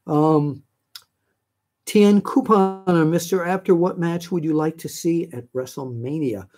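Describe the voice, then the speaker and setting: A man's voice: a little high, a little slow, darkish tone. An older man from New York hosting a live stream, answering viewer questions in a chatty, rambling way with many fillers. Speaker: host.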